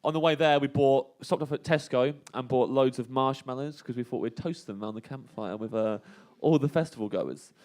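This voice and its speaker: A man, a comedian, telling a funny story in an animated way at a live stage show, laughing through his own tale. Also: medium pitch, fairly quick, few pauses.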